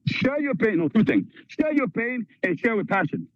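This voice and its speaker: A man from Canada giving an energetic motivational talk at a sales training, acting out little skits in put-on voices. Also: sits high, moderate pace, no echo, highs cut off.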